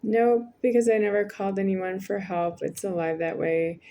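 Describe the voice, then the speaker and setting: A woman's voice: medium pitch, flat delivery, moderate pace, warm tone, lo-fi sound, a little hiss or hum. A woman in her forties speaking in a rambling, repetitive monologue to the camera, with frequent hesitations. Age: 40s. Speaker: vlogger.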